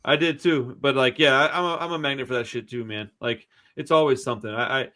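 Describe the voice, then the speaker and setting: A man's voice: mid-range voice, fast talker, pushed and bright. A man hosting a movie podcast, telling long stories in a blunt, profane, rambling way. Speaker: podcast host. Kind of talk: casual chat, storytelling.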